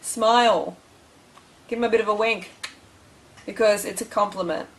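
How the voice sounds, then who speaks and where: A woman's voice: medium pitch, steady tone, moderate pace, a bit bright, a little hiss or hum, rough recording. A young woman giving blunt, bossy, tough-love advice in a motivational vlog.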